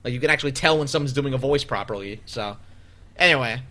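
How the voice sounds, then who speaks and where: Bright-voiced rambling male podcast host. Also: mid-range voice, fast, slight background noise. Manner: rambling, animated, many fillers. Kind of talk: casual comedy podcast chat.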